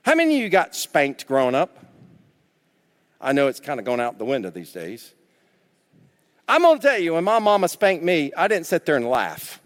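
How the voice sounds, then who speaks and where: A man preaching a sermon as pastor, emphatic and repetitive, dropping suddenly to quiet. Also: mid-range voice, huge pitch swings, normal speed, long reverb tail.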